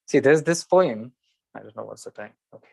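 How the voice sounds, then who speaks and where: A man with a fry-edged voice tells an old spiritual story to his listeners, stepping into the characters' lines and circling back to rephrase himself. The sound is dry and close, with no room around it. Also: medium pitch, expressive, brisk, warm tone, no echo, low-quality recording. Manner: retells a legend, acting out the characters' lines, with frequent restarts.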